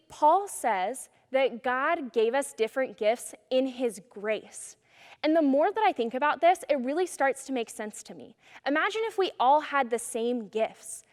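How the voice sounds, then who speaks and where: A woman's voice: sits high, a little mellow, in a large hall. A woman speaking as a youth pastor, giving an earnest, encouraging message in a casual tone.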